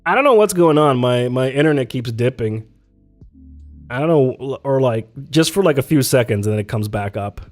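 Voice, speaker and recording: A man's voice: medium pitch, expressive, normal speed, darkish tone, soft background music. A man live-streaming from his home setup, chatting casually and answering his chat, rambling and laughing often.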